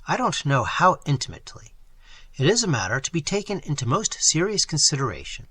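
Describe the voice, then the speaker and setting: A man voicing a mild, fatherly older male professor who lectures gently in an audiobook. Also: a little high, very animated, a little fast, breathy edge, dry recording, exaggerated voice. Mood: alarmed.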